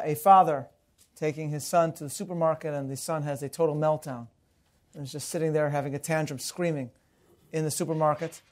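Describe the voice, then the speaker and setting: A man's voice: fairly high pitch, a little mellow. A middle-aged man lecturing as a rabbi, earnest and mixing stories with humor. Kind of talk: recorded lecture.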